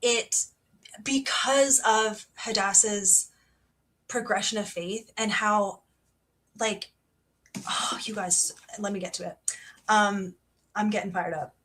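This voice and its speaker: A young woman hosting a casual book club livestream, chatty and excitable with lots of fillers. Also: medium pitch, slow pace, pauses often. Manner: chatty and excitable, many fillers, reads passages aloud.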